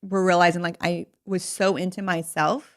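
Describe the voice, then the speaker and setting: A woman's voice: on the low side, level tone, moderate pace. A middle-aged woman co-hosting a casual podcast, joking playfully and turning heartfelt. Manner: joking, playful, emotional at times. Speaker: podcast co-host. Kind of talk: casual chat.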